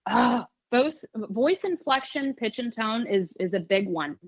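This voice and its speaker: A woman guest who trains dogs, talking in an interview in a lively, emphatic way and often restarting phrases. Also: a little high, unhurried, breathy edge, no room sound. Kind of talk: conversational interview. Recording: dull lo-fi audio.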